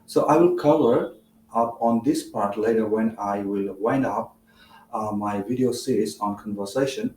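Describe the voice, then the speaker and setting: Indian man teaching, mellow, echoey. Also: mid-range voice, distant mic. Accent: Indian English. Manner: measured, explanatory with frequent "uh" fillers. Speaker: English teacher. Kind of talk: spoken English lesson.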